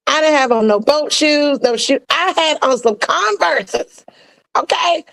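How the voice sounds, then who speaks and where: A woman speaking as a podcast guest in casual, reflective chat, telling stories in an expressive, colloquial way over a video call. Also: high voice, unhurried, creaky, no room sound, low-quality recording.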